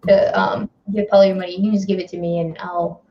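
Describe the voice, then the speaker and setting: A woman co-hosting a casual stream chat, giggly and teasing, with quick banter. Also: medium pitch, level tone, a little hiss or hum. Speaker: co-host. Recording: slightly dull lo-fi audio.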